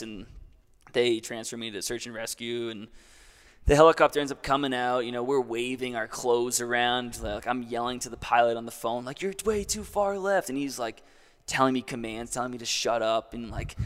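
A man's voice: medium pitch, flat delivery, a little fast, a bit bright, clean tone, long reverb tail. A young man casually telling a long story as a guest, in a laid-back way full of "like".

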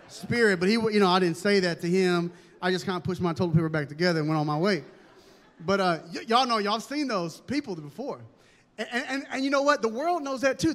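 A man preaching a sermon as pastor, animated and humorous, with dramatic emphasis. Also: sits high, long reverb tail.

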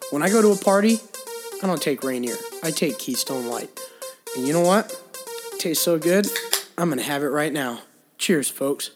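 Low-voiced woman hyping a podcast over music. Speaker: promo reader for the podcast. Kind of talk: mock beer ad read over music.

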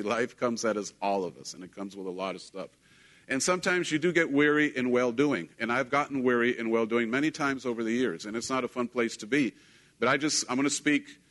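A man, a pastor, preaching a casual, conversational sermon with self-deprecating humor, getting animated when quoting. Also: medium pitch.

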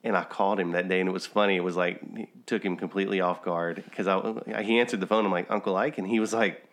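A man's voice: low-pitched, fairly even intonation, fast talker. A man chatting casually on a podcast, telling a rambling family anecdote with occasional chuckles. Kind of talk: casual conversational storytelling.

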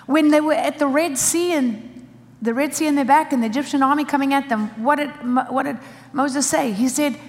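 A woman's voice: high-pitched, brisk. Emphatic woman preacher in a reverberant hall. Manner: emphatic, preaching in short repeated phrases. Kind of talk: sermon.

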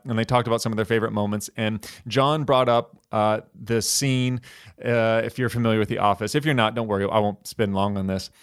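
A man's voice: on the low side, clear, resonant tone. A man speaking casually to a church audience, chatty and good-humored, often saying "you guys".

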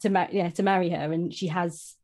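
A woman's voice: on the low side, steady tone, brisk, a little mellow. A woman co-hosting a podcast, chatting about a novel in a hesitant way that often trails off. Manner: hesitant, trailing off, many fillers. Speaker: podcast co-host. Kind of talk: casual book discussion.

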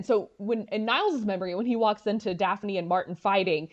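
A woman co-hosting a podcast, retelling an episode in a lively, animated way with quick asides. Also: medium pitch, highs cut off. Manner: animated storyteller, quick asides and quoted lines. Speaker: podcast co-host. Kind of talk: casual chat, retelling an episode.

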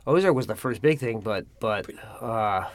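A man's voice: fairly low pitch, animated, normal speed. A middle-aged man, a guest actor, chatting casually and telling stories about his career, acting out old conversations. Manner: storytelling, acts out past dialogue. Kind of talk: casual interview chat.

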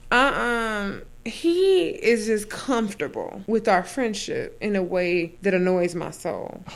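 A woman with a gravelly, fry-laden voice, ranting about her annoyances on a casual podcast. She is blunt and profane. Her voice often jumps up loud and high when she vents. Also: expressive, slow. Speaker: podcast co-host.

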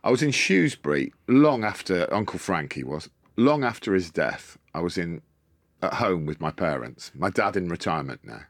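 A man, a podcast guest, telling animated stories in casual chat, swearing freely and acting out what people said. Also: sits low, moderate pace, dry recording, studio quality. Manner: animated storyteller, swears, acts out quotes.

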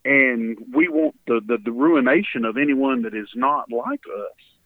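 A man's voice: medium pitch, a little slow, dry recording. A man with a Texan accent, a guest on a radio interview, telling a story earnestly and voicing the people in it with feeling. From Texas. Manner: earnest storyteller, voices his quotes with feeling. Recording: dry, tinny phone line.

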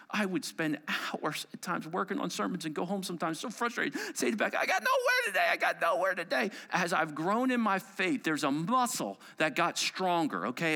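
A middle-aged male pastor preaching a sermon, emphatic and swinging from loud declarations to hushed whispers. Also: high voice.

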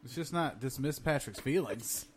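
A man co-hosting a casual podcast, teasing and swearing in quick jabs. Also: mid-range voice, expressive. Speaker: podcast co-host.

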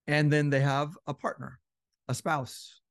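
Speaking unhurriedly in a fairly high pitch with little pitch movement, a relationship educator talks casually about relationships, his voice slightly strained. He acts out quoted couples by shifting his voice. The sound is studio quality with no echo.

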